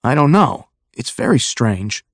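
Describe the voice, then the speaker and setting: A man's voice: medium pitch, very animated, a little slow, fairly bright tone, no echo, exaggerated voice. Guy doing a modest young cop, respectful, says sir a lot, plain storybook voice. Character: tall strong young police officer, modest.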